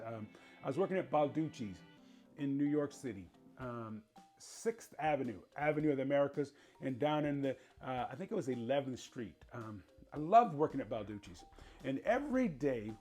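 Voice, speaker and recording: A man's voice: mid-range voice, a little mellow. A middle-aged man hosting a cooking show, chatty and playful, talking straight to his viewers as he cooks. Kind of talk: casual cooking demonstration.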